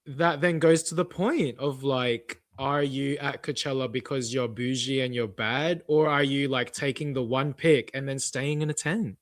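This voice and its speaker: A man's voice: mid-range voice, steady tone, unhurried, hardly any pauses, dry recording. A man co-hosting a podcast, chiming in playfully and eagerly. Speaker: podcast co-host. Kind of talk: casual chat.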